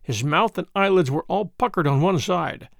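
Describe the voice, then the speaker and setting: An earnest young gentleman telling his troubles with rising indignation, read by a man. The voice is high and lively with a gravelly edge. The sound is close and dry. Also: normal speed, no echo. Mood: indignant. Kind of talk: audiobook character voice.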